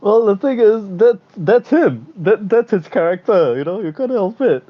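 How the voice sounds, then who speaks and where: High, lively young podcast guy. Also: moderate pace. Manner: animated, swears, acts out mock voices for laughs. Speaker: podcast co-host. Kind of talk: casual chat. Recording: slightly muffled, dull sound.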